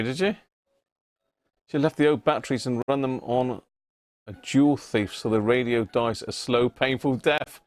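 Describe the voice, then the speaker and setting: A chatty man hosting a casual livestream, laughing often as he greets viewers by name. His voice sits at an ordinary middle pitch, and soft music plays faintly behind him. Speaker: livestream host. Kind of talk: casual live chat reading viewer messages.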